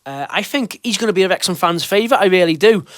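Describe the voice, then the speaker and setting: Speaking fast in a high, expressive, slightly bright voice, a man hosts a casual fan-show podcast. He reads listener questions and reassures people, occasionally restarting, and the recording is dry and studio quality.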